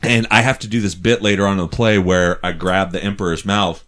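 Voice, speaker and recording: A man telling a funny story in a casual, animated, profane way, laughing often. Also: low-pitched, fairly quick.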